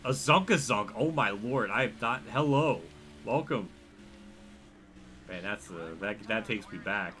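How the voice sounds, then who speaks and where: Bright-voiced Pennsylvania man streaming a racing game. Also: fairly low pitch, animated, a little slow. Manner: rambling, self-deprecating, reacting to chat. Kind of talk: live gameplay commentary.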